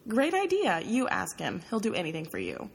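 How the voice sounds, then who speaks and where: A woman reading an audiobook, voicing a bossy, forceful young woman journalist with an emphatic, pushy delivery. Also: medium pitch, wildly swooping pitch, normal speed, vocal fry, husky, heavily acted.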